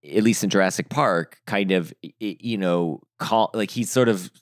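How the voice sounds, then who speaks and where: Low-voiced man rambling about a film. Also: dry recording, clean studio sound. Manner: rambling, halting, many restarts. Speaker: podcast co-host. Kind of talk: casual film discussion.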